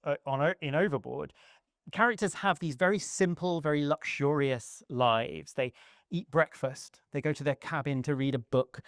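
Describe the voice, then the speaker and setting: A man giving a conference talk on stage, lively and humorous, acting out little scenes as he explains. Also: mid-range voice, no room sound, studio quality. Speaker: conference speaker.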